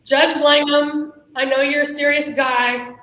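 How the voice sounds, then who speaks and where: A woman's voice: sits high, little pitch movement, measured pace, pushed and bright. A woman moderating a panel, prompting each guest by name in a casual, friendly way. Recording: echoey room with faint hiss.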